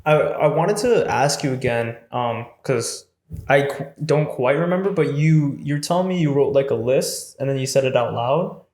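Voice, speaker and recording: Attentive podcast host, roomy echo. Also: male voice, mid-range voice, animated, normal speed, darkish tone. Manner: attentive, with short affirming interjections. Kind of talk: casual interview chat.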